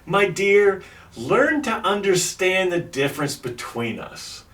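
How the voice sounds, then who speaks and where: A man voicing a prim older woman who gently turns down a suitor, in a raised voice. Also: high voice, sing-song, slow, voice pushed up, full character voice. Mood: wistful. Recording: roomy sound from a distant mic.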